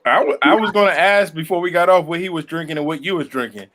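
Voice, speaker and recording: A man's voice: on the high side, fast, a bit bright. Man, raised voice, reflective joker, casual podcast talk. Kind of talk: casual chat.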